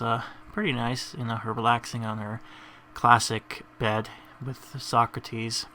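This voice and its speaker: A man's voice: medium pitch, bright, forceful tone, a little hiss or hum. A man giving rambling, casual commentary over a video game, chuckling between tangents. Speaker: gamer.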